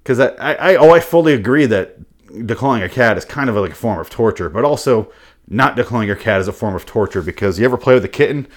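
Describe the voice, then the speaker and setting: A man riffing through an unscripted comic monologue, profane and animated, with sudden loud bursts. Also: medium pitch, fast talker. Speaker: comedian host.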